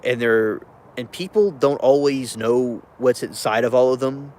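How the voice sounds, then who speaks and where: A man's voice: mid-range voice, a little slow, darkish tone, slight background noise. A man ranting casually about a film he watched, rambling and interrupting himself with chuckling asides. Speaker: vlogger reviewing a film.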